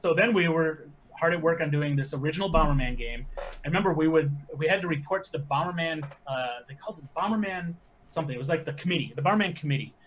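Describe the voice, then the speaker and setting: A man, a podcast guest telling animated stories with quick asides. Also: on the high side, slight background noise. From American Midwest. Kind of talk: casual podcast chat.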